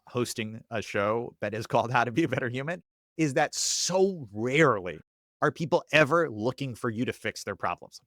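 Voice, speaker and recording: A man in his thirties chatting casually as a podcast guest, acting out quoted voices with lively swings. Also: medium pitch, no room sound, clean studio sound. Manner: animated, acts out quoted voices. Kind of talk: casual chat.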